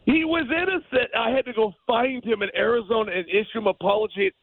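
A man, a former fighter as a guest, telling stories in a podcast interview, animated and emphatic. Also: extremely high pitch, fast, gravelly, no echo, phone-quality sound.

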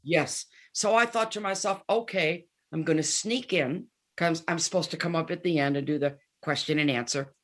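A woman's voice: sits low, moderate pace, hardly any pauses. A woman of seventy, a guest musician, chatting in an interview and animatedly telling stories, acting out the dialogue. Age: 70s. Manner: animated storyteller, acts out dialogue. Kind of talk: casual interview chat.

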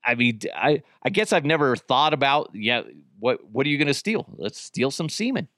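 A man's voice: medium pitch, sing-song, normal speed, a bit bright, no room sound. Male podcast host, casual solo chat, crude self-mocking humor, dry sound.

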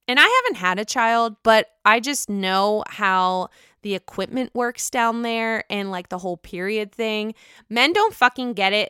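A woman's voice: medium pitch, pushed and bright, smooth, no echo, clean studio sound. A woman casually recapping a reality show episode, chatty, sassy and freely swearing. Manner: sassy, profane, chatty commentary.

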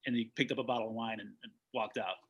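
A man's voice: lowish voice, steady tone, fast talker, breathy edge, highs cut off. A man, a documentary director, telling stories in a casual interview, rambling with frequent restarts.

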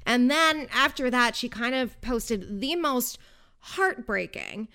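A woman hosting a podcast dishes out celebrity gossip, dramatic and confiding. Her voice is smooth and clear, pitched a touch high. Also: fairly bright tone. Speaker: podcast host.

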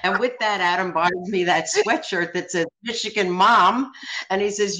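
A woman's voice: mid-range voice, normal speed, rough recording. A woman in her seventies, a guest telling stories in a brash, joking way. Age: 70s. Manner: brash, joking, animated storyteller. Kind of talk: casual storytelling.

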